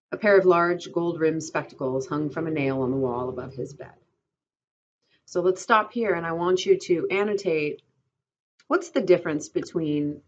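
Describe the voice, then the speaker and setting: Low-voiced woman teacher reading a novel aloud to her class, steady, muffled lo-fi recording. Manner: steady and clear, pausing to pose questions. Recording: dull lo-fi recording.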